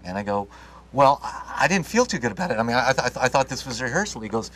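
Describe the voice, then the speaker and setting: A man telling a story at a quick pace in an interview, with a voice of middling pitch. He acts out the dialogue he quotes as he goes. There is faint hiss in the background. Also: very animated, fairly bright tone. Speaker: actor interviewee. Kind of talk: anecdotal storytelling.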